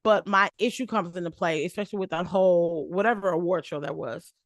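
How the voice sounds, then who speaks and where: Animated woman storyteller from Detroit. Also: lowish voice, fairly quick, no echo, clean studio sound. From Detroit, Michigan, United States. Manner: animated storyteller who acts out quoted voices. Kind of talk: casual conversation.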